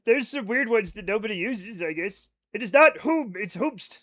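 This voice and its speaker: A man streaming a game live, talking in a high voice with a bright, forceful edge. He rambles and jokes loosely, swearing freely as he chats to his viewers. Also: lively intonation, normal speed. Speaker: livestreaming gamer. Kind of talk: casual live-stream chat.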